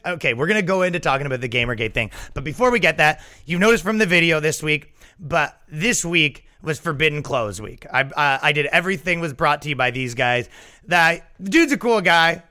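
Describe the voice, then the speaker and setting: A man's voice: on the high side, sharp tone. A man hosting a podcast in a casual monologue, sarcastic, swearing freely and laughing at his own jokes. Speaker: podcast host.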